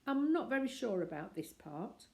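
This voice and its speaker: A woman's voice: a little high, very animated, moderate pace, gravelly, darkish tone, pitched above the performer's own voice. A woman doing Paddington, a small earnest bear. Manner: earnest, hopeful.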